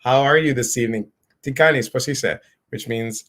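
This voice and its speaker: An excited, bubbly man hosting a casual live stream. He greets viewers one by one with lively enthusiasm. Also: mid-range voice, normal speed.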